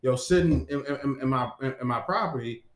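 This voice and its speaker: A man's voice: medium pitch, fairly quick. A man telling a long dream story in casual chat, full of restarts and cursing. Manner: rambling, profane, many restarts. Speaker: podcast co-host. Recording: echoey room.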